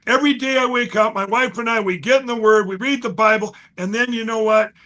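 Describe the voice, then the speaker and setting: A man telling a story as a guest, restless and quick, restarting sentences and swinging between loud and soft. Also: high voice. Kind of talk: excited conversational storytelling.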